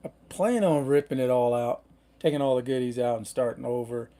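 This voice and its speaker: A man's voice: medium pitch, fairly quick, mellow. A middle-aged man hosting a casual livestream, rambling in a laid-back way with lots of fillers. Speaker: van-life livestream host.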